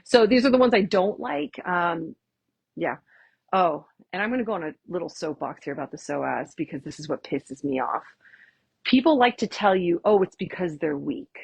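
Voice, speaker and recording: Woman, chiropractor, workshop lecture, sassy and blunt, husky voice, dry sound. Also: fairly low pitch, lively intonation, moderate pace, no echo. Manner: casual, chatty with audience.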